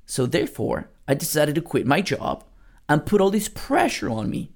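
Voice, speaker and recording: Blunt guy doing a motivational podcast, gravelly, big swings in pitch, hammers points by repeating them. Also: sing-song, moderate pace. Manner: emphatic, repeats lines for punch; blunt, casual, swears now and then. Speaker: network marketing coach and podcast host.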